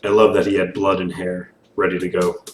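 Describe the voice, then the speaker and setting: A young man in casual reaction commentary while painting, animated, rambling and swearing a lot, recorded on a distant mic in an echoey room with faint hiss. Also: low voice, brisk. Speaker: reaction video host.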